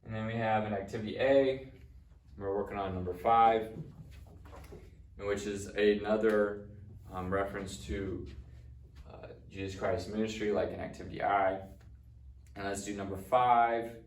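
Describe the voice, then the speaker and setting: A man with a fairly low, steady voice teaches Latin at a measured pace with long pauses, patiently guiding translations step by step and saying "okay" a lot. The recorded lesson has an echoey room sound, and he's far from the mic.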